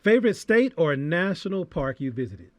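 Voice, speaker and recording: A man's voice: fairly high pitch, very animated, moderate pace. Upbeat man hosting an interview. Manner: upbeat, chatty, laughs easily. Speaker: host, city mayor. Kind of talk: casual interview.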